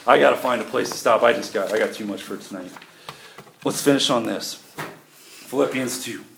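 A man's voice: medium pitch, brisk, vocal fry, a bit bright. A middle-aged man, preaching a sermon in a church with folksy, emphatic delivery and shifting volume. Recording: echoey room with faint noise.

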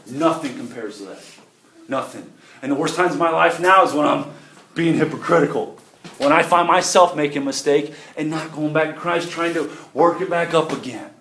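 A middle-aged preacher with a fairly high-pitched, slightly bright voice gives a church sermon at normal speed. He is folksy and emphatic, and his volume keeps shifting. Faint noise sits in the echoey room.

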